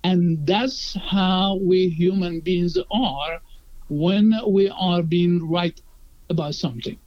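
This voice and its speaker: A man's voice: high voice, fairly even intonation, takes it slowly. A man telling a personal story in a conversational way, acting out the quoted dialogue earnestly. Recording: dull lo-fi sound.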